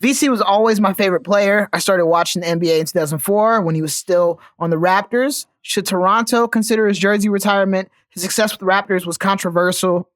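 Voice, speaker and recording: A man reading listener questions aloud on a sports podcast, slow and deliberate with playful asides. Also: high-pitched, steady tone, a bit bright, no room sound.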